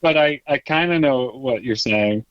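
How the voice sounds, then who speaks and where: A man co-hosting a film podcast, making dry deadpan quips in casual chat. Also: medium pitch, a little slow, no room sound, dull audio. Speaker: podcast co-host.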